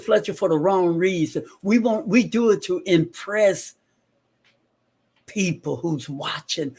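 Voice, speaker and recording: Slow, high-pitched motivational man. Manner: preachy, repeats lines for emphasis. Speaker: podcast co-host. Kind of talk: motivational talk.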